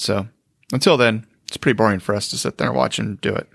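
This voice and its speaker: A man's voice: lowish voice, fast, creaky, fairly bright tone, slightly rough, no echo, studio quality. A middle-aged man co-hosting a podcast in casual, wry chat. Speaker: podcast co-host.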